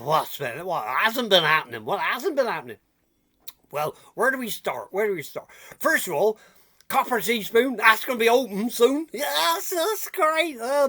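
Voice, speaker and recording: A man's voice: sits high, sharp tone, exaggerated voice. Man playing old countryman, giggly, rambling, repeats himself, folksy comedy character. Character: chatty giggly old male countryman with rheumatism. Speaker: comic character host.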